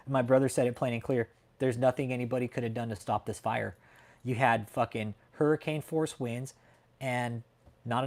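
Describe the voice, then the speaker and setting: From his home in Texas, a California man hosts a casual livestream chat in a medium-pitched, darkish voice. He talks heatedly and emphatically, swears freely, and keeps adding "man" to his lines.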